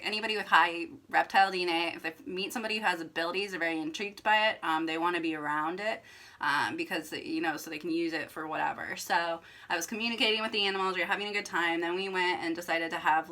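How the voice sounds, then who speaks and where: Bright-voiced young woman telling a story. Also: fairly low pitch. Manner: chatty, filler-heavy with frequent "like", emphatic. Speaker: vlogger. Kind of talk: casual storytelling to camera.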